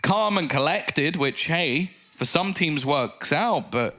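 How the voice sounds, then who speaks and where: A man giving live play-by-play commentary on an esports match, getting excitable on big plays. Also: fairly high pitch, takes it slowly, background noise.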